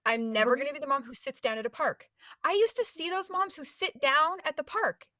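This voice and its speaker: A woman's voice: high voice, a little fast, dry recording, clean studio sound. A woman co-hosting a podcast who is a mother of five, giving emphatic advice in casual chat. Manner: emphatic, animated advice-giver.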